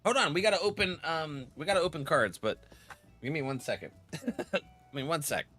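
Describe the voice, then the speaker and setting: A man's voice: fairly high pitch, lively intonation, moderate pace, pushed and bright, faint music behind. Laughing streamer man with a cold. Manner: rambling storyteller, laughs often. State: has a cold. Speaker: game streamer. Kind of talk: casual gaming stream chat.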